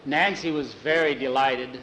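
A man's voice: medium pitch, unhurried, bright, forceful tone, slight background noise, poor audio. Homespun male storyteller, rambling. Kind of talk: unscripted oral storytelling.

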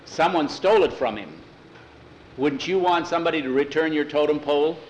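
A man voicing a calm, steady frontier sheriff who speaks plainly and evenly. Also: a little high, brisk, muffled recording, a little hiss or hum, close to an everyday voice.

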